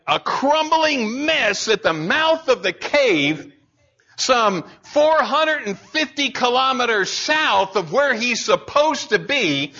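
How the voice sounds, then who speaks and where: Man, pastor, sermon, bright tone, slightly high voice, muffled lo-fi sound. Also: husky. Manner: animated, conversational preaching, repeats lines for emphasis.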